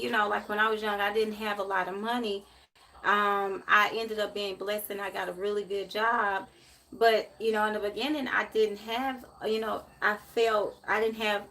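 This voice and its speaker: This Memphis tarot reader talks to her live-stream audience with emotion, circling back over the same points. She has a medium pitch and a fairly bright tone.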